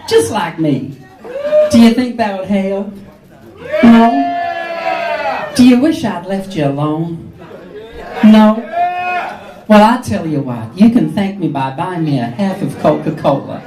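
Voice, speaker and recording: A man performs as a brash, catty drag queen hostess in a pub or club function room, teasing the live audience with sarcastic, mock-haughty crowd work. His full character voice is high and sing-song, slow, with long pauses. A camera far off in the audience captures the echoey room, with loud crowd laughter and chatter behind him.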